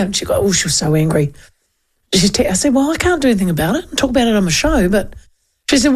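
A middle-aged woman with a New Zealand accent hosting talkback radio, chatting casually and telling animated stories between listener texts. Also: medium pitch, quick pace, breathy edge.

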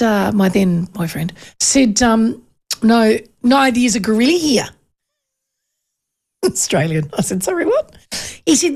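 A middle-aged New woman hosting talk radio, chatting in an animated, storytelling way. She keeps correcting herself in the middle of a sentence. Her voice has a gravelly, fry-tinged edge at a middle pitch. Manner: animated, chatty, self-interrupting with quick corrections. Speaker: radio talk show host.

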